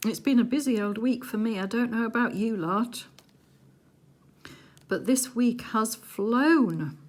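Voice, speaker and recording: A woman chatting casually while she does a craft project at home, rambling along with little hushed asides. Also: on the high side, a little slow. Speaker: crafting vlogger. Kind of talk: casual chat while diamond painting.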